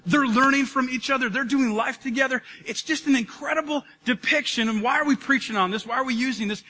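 A man's voice: extremely high pitch, long reverb tail, slight background noise. A man preaching a sermon as pastor, talking in a casual, joking way with his congregation. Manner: energetic, conversational, joking with the congregation. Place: church auditorium.

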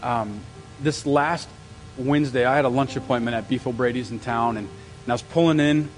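A male pastor preaching a sermon in an animated way, repeating phrases for emphasis with stumbling restarts. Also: medium pitch, normal speed, long reverb tail, slight background noise, rough recording. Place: church service.

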